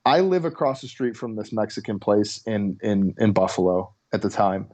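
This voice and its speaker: A man's voice: on the low side, moderate pace, a little mellow. Profane, fired-up male comedian telling a story. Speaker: comedian guest. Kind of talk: casual storytelling chat.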